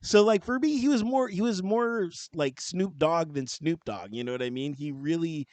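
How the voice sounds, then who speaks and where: A jokey man co-hosting a casual podcast, often laughing and tagging his lines with "you know what I mean". His voice is a bit higher than most men's. The sound is dry and close, with no room around it. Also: moderate pace, darkish tone, no room sound. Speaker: podcast co-host. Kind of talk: casual chat.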